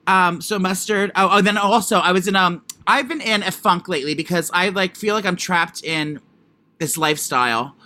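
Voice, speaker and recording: A man co-hosting a podcast, gossiping in a fast, animated way with quick interjections. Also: high-pitched. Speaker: podcast co-host. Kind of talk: casual chat.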